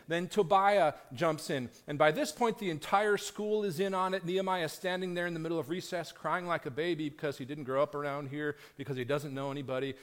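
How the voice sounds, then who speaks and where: Preaching man with a higher voice, wry. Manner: wry, self-deprecating humor with repeated build-up phrases. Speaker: pastor. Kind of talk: sermon. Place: church sanctuary.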